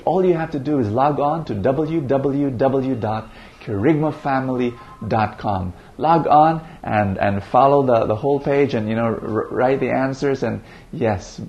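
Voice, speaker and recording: A male preacher speaks straight to viewers with an inviting appeal. He asks them to support his ministry and then prays a blessing over them. His voice sits at a middle pitch, with a faint hiss behind it. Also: darkish tone, muffled recording.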